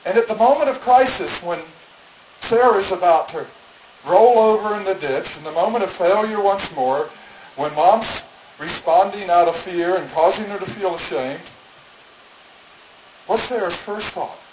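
A man's voice: high-pitched, unhurried, darkish tone. Echoey storytelling male preacher. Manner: storytelling, acts out voices in quotes. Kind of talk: sermon. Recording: echoey room with background noise.

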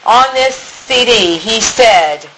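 A woman giving a church talk in an earnest, encouraging way. Her voice is bright and forward, with faint noise behind it. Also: on the high side, lively intonation, slow, low-quality recording. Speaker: speaker in a church teaching. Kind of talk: sermon.

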